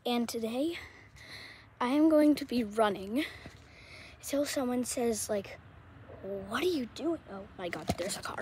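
A woman's voice: fairly high pitch, a little slow, pauses often. Woman, out of breath, chatty running vlog, outdoor phone recording, heavy background noise. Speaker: vlogger. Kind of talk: casual vlog commentary while running. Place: outdoors on neighborhood streets.

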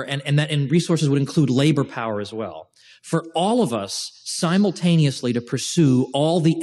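A man giving an informal lecture to a class, chatty and animated, with restarts and joking asides. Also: a little high.

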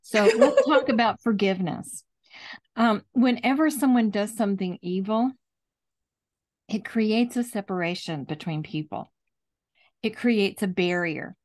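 A woman host speaks calmly and explains things at a measured pace. She teaches in a conversational chat, with her pitch in a middle range.

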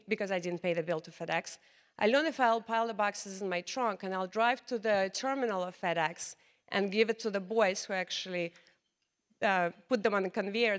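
A woman delivers a keynote speech about her own path. She speaks earnestly and with determination, her English slightly in its grammar. Her voice sits at an ordinary mid pitch for a woman. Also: a bit bright. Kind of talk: keynote speech, personal storytelling.

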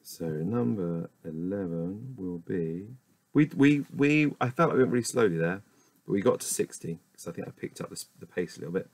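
A man's voice: low voice, expressive, moderate pace, a little mellow. A man reading dictionary entries aloud one after another, stopping now and then to mutter doubts about how a word is said. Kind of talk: reading a word list aloud with casual asides.

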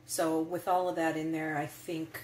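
Low-voiced woman in an echoey kitchen. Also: level tone, moderate pace, darkish tone, slight background noise. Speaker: co-host tasting the food. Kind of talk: casual chat.

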